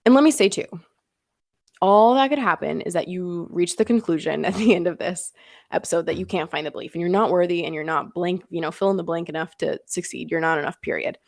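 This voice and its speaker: Gravelly-voiced woman coaching with emphasis. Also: lowish voice, fairly quick, no echo, studio quality. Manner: earnest, emphatic, laughs often. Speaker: podcast host and business coach. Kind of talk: casual podcast monologue.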